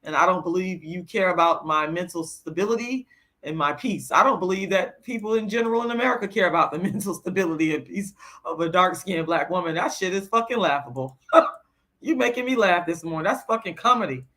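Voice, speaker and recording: A woman's voice: on the low side, quick pace, pushed and bright. A woman on a livestream answering her chat, moving between lecturing and blunt, profane venting as she gets worked up. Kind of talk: heated livestream rant.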